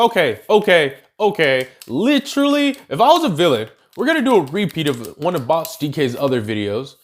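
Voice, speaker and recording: A young adult man telling an anime what-if story in a casual, slangy, animated way, talking to viewers as y'all. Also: high voice. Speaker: YouTuber.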